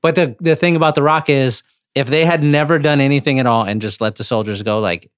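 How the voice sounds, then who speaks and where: A man's voice: mid-range voice, fairly quick, clean tone, dry recording. Blunt male podcast co-host, dry sound. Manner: blunt, opinionated, short remarks. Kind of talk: casual movie chat.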